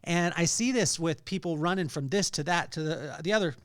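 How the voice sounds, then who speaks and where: An earnest man giving a relaxed devotional talk as a podcast host. His voice sits a little high for a man, and the recording is close and dry, with no room sound. He speaks conversationally, with fillers and short laughs. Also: fairly quick, dry recording.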